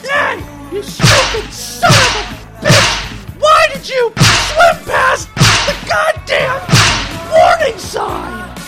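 Comic bit: man playing a shrill, enraged lifeguard lady, very high and drawn out, over music. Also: big pitch swings, drawn-out words, shouting, heavily acted. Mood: furious. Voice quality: shrill screaming. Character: furious shrieking female lifeguard.

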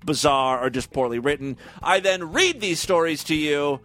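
A man's voice: fairly high pitch, expressive, normal speed, a bit bright, soft background music. A man hosting a podcast, talking in a rambling, sarcastic and profane way. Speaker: podcast host. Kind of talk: casual monologue and comic reading.

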